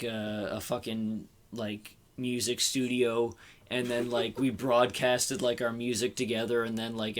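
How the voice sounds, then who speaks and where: A man co-hosting a casual podcast, rambling and swearing freely with lots of "like". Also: medium pitch. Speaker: podcast co-host.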